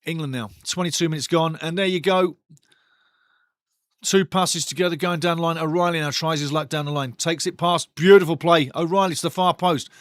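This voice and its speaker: Excitable, foul-mouthed male football watch-along host. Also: on the high side, brisk, no room sound, clean studio sound. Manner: excitable, blunt and foul-mouthed, swearing freely; bursts louder at big chances. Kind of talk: casual live football commentary and chat reading.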